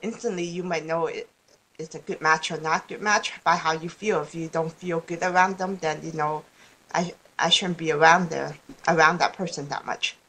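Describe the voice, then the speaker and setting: A woman's voice: low-pitched, fairly even intonation, moderate pace, bright, forceful tone. A woman speaking as a guest in a casual podcast interview, rambling and restarting her sentences, often laughing. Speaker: guest speaker on law of attraction.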